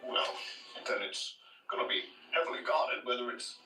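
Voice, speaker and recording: Drawling western schemer, lively pitch, distant echoey show audio, music. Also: male voice, normal speed. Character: scheming gunslinger in a western, adult man. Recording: show sound played from a distance in a roomy space, music under it.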